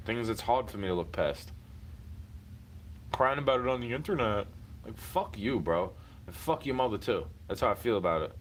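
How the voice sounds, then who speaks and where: A man's voice: fairly low pitch, animated, normal speed, pauses often, slight background noise. A man venting in a heated, profane monologue, repeating himself and circling back to the same points.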